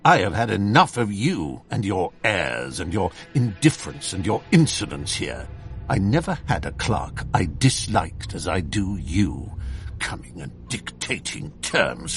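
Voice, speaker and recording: A man's voice: deep voice, wildly swooping pitch, a little slow, a bit bright, a little hiss or hum, voice pushed down, full character voice. A man voicing a stern, irritable older employer who scolds his clerk in curt, pompous speech. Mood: angry.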